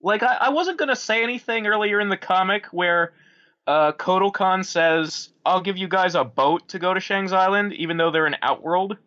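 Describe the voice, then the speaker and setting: A man with a bright, forceful, fairly high voice talks casually on a podcast, unpacking details with fillers and restarts. The audio is a little dull and lo-fi. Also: moderate pace. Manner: explains story details with many fillers. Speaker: podcast co-host.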